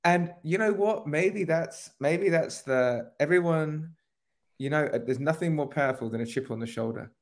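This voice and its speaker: A man's voice: a little high, normal speed. A man co-hosting a casual football podcast, talking in a rambling, emphatic way. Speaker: podcast co-host.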